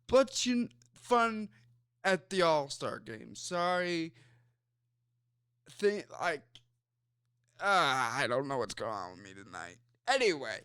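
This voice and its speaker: A man's voice: high voice, fairly bright tone, clear, resonant tone, no echo, clean studio sound. A man with a Chicago accent hosting a sports talk show, rambling loosely with plenty of fillers and asides. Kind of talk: casual sports commentary chat.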